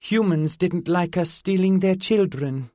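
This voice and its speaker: High prim british fairy girl, a guy doing her, formal old-timey talk, dry sound. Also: unhurried, dark tone, dry recording. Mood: wondering. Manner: formal, old-fashioned phrasing. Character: haughty fairy girl, curious and blunt.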